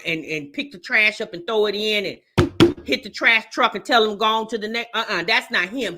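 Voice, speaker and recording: A woman's voice: mid-range voice, normal speed, pushed and bright, a little hiss or hum. A woman hosting a reaction channel, chatting to viewers and calling them y'all and baby. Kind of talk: casual commentary to viewers.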